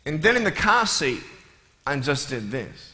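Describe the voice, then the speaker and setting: A man's voice: fairly high pitch, big pitch swings, background noise. A man giving a humorous, playful talk to a live audience, joking and chatting with them. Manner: playful and jokey, with quick asides. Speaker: motivational speaker. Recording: echoey hall with faint room ambience.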